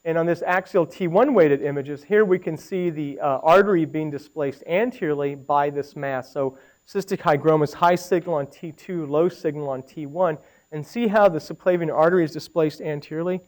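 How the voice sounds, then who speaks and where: A middle-aged man, fairly high-voiced, lectures on medical imaging. He talks easily and conversationally, stepping through scans and pausing to ask the room questions. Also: a little mellow, poor audio. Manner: conversational, with anecdotes and audience questions. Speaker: radiology lecturer.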